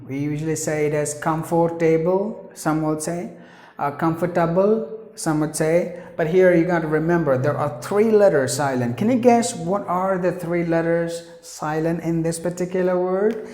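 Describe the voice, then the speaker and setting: A man's voice: a little high, moderate pace, darkish tone, roomy sound. A man teaching pronunciation, repeating each word several times to drill it. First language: Tamil. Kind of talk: pronunciation lesson.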